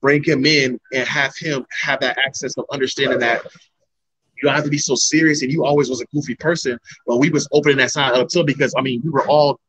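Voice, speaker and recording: A young man, a mixed martial arts fighter, telling animated stories about his old coaches in a casual interview. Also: medium pitch, quick pace, low-quality recording. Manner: animated storyteller, acts out his coaches' lines. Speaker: MMA heavyweight fighter, guest.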